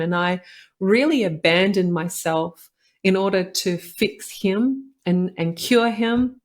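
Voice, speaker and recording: A woman's voice: mid-range voice, slow. A woman, a podcast host and doctor telling a personal story in an earnest, reflective way, often saying "like" and "you know".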